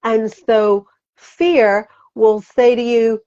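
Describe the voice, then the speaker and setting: A woman speaks as a guest in a conversational interview, her voice sitting fairly high. She talks animatedly, laughs often and acts out the inner voices she quotes. The recording sounds dull and lo-fi. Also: lively intonation, measured pace, a little mellow. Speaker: psychic guest.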